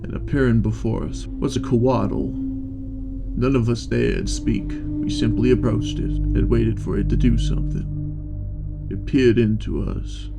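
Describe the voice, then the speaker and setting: A man's voice: mid-range voice, steady tone, vocal fry, loud music behind the voice. A man playing a weary adventurer who narrates past events in the first person. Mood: solemn. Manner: slow, measured recollection.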